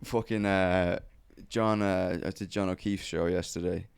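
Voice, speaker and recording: A man's voice: low-pitched, steady tone, a little slow, gravelly, smooth, dry recording. A young man and stand-up comedian telling stories in a loose, sweary podcast chat.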